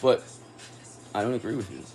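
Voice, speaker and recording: A man's voice: fairly low pitch, fairly quick, faint music behind. Angry, cursing man reading tarot. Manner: angry, profane and confrontational. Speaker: tarot reader. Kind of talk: casual tarot reading monologue.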